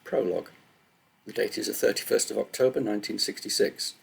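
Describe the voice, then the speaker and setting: A man, an author, chatting nervously to camera before reading his own book aloud in steady narration. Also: fairly low pitch, fairly quick, vocal fry, breathy edge. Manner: nervous, self-deprecating chat then steady narration.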